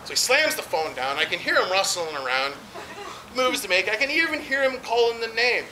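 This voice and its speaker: A man doing an amateur stand-up set at a barbecue, telling rambling stories with fillers. His pitch moves around a lot as he talks. The party noise outdoors stays loud behind him. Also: very animated, brisk. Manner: rambling, storytelling, with frequent fillers. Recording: noisy outdoor party recording.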